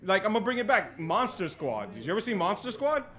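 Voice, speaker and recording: Young guy hosting a podcast, pumped up, lots of "yo", highish voice. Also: a little fast, a crowd in the background. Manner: excitable, says "yo" a lot, restarts often. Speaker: podcast host. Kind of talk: casual chat.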